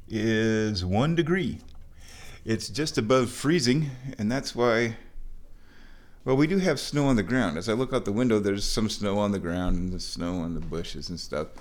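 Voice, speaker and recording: Chatty man rambling through a story at home. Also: medium pitch. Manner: chatty, meandering storytelling with asides. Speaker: vlogger. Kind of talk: rambling casual vlog chat. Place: at home, walking between rooms.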